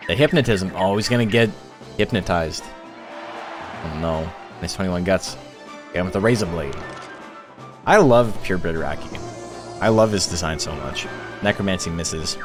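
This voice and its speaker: A man with a fairly low voice casually commentates video game battles on his live stream, chatty and easygoing, laughing often as he tells stories. He talks at normal speed with frequent pauses, while soft game music plays faintly behind him.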